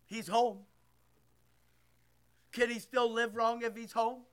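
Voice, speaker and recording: An older man preaching a sermon as pastor, loud and emphatic, swinging between near-shouts and quiet asides. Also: very high-pitched, monotone, normal speed, clean tone. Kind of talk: sermon with prayer.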